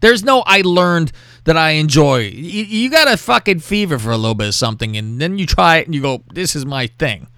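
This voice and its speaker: A man's voice: a little high, lively intonation, a little fast, pushed and bright, dry recording. A man hosting a podcast, talking crudely and animatedly, often mimicking other people's voices. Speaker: podcast host. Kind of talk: crude casual chat.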